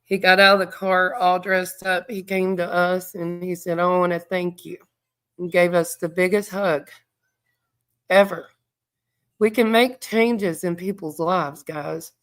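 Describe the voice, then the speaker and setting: A middle-aged woman, hosting a livestream, speaking heartfelt and near tears, with a stuffed-up voice while she reads viewer comments aloud. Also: fairly low pitch. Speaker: true crime livestream host. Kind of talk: emotional livestream chat.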